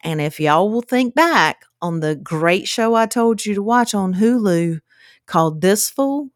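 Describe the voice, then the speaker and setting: A woman co-hosting a casual chat podcast, telling animated stories. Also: unhurried, dry recording, studio quality. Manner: animated storyteller, drawling, quotes people in high voices. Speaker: podcast co-host.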